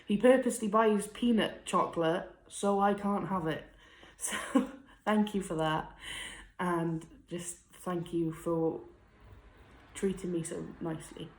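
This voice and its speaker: A young woman talks in a heartfelt vlog, her voice sitting a little low for a woman. She sounds close to tears at times and laughs softly between thoughts. The room around her rings with echo. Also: fairly even intonation, a little slow. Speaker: vlogger. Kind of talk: emotional personal vlog. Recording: echoey room.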